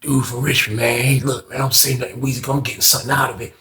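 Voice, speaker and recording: Brief: a man putting on a wheedling older inmate; low, quiet, sly. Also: level tone, fast. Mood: hushed, wheedling.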